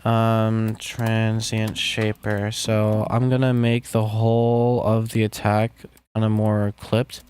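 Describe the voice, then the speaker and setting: A man's voice: on the low side, slow pace, slight background noise. A man making music on a live stream, chatting casually with viewers and joking as he works. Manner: relaxed, jokey, talks to chat while working.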